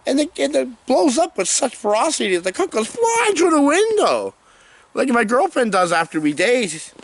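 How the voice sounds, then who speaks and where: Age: adult. Sex: man. Role: movie reviewer. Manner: jokey, animated. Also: extremely high pitch, normal speed, no echo. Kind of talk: comedic movie review rant.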